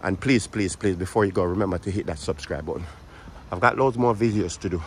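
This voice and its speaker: A man's voice: low voice, quick pace, slight background noise. A man with a Birmingham accent, chatting and joking to camera while walking outdoors, out of breath and repeating his phrases. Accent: Birmingham English. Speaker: vlogger. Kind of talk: walking vlog, casual chat to camera. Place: outdoors on city streets.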